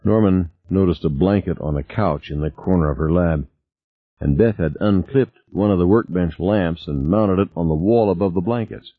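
A man reading a novel aloud as narrator, in an expressive style. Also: sits low, normal speed, no room sound. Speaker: audiobook narrator. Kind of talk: scripted narration. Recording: dry, tinny phone-like sound.

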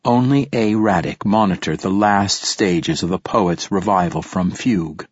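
A male audiobook narrator reading in a measured, descriptive way. His voice is very low with a husky edge. The recording is dry and slightly dull. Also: no room sound. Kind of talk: scripted narration.

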